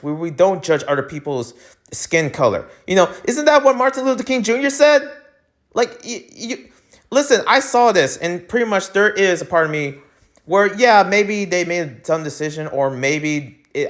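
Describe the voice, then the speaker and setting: Man ranting on his solo podcast. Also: a little high. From United States. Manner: rambling, with many fillers and restarts; heated and emphatic when ranting. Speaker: podcast host.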